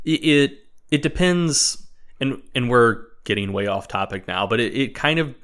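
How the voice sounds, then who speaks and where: A man's voice: medium pitch, animated, moderate pace, fairly bright tone, clean tone. A man acting as guest co-host in casual chat, thinking aloud through detailed technical examples and playfully needling his partner.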